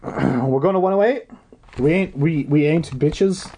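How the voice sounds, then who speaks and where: A man casually reading a choose-your-own-adventure book aloud, joking and swearing between lines and clearing his throat often. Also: on the high side, unhurried, mellow, slight background noise. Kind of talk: casual read-aloud with crude asides.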